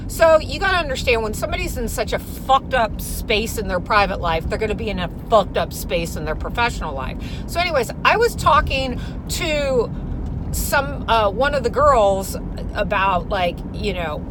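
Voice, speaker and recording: Animated, profane woman ranting casually. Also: on the high side, noisy background. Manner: profane, animated storytelling with shouted outbursts. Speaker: vlogger. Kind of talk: casual rant.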